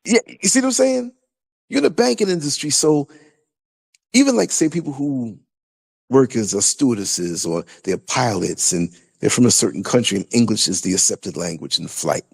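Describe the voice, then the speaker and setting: Gravelly New York man chatting. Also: mid-range voice, moderate pace. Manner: animated, loose and chatty, many restarts. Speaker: podcast host. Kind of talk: casual conversation.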